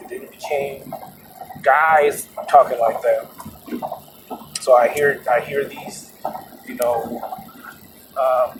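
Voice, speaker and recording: Chatty man recording from a car. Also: mid-range voice. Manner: chatty, laughs often, many restarts. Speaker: podcast host. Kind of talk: rambling casual monologue. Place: moving vehicle. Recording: road noise in a car. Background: road noise.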